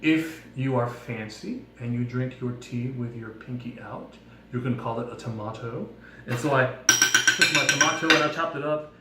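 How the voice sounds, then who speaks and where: A man giving a playful devotional talk with props, telling a story in a jokey, animated way. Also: medium pitch, moderate pace, noisy background. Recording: echoey room, mic at a distance.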